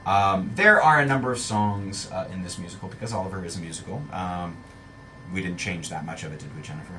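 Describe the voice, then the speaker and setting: A man's voice: sits low, a little fast, sharp tone, recorded from a distance, a little hiss or hum, rough recording. A man hosting a casual local radio chat, joking and hesitant with many fillers. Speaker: radio host.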